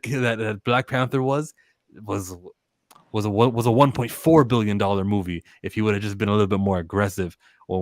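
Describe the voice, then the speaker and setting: Man, low voice, dry close mic, lively podcast guest who acts out quotes. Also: no room sound. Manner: animated, acts out quotes from scenes. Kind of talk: casual movie discussion.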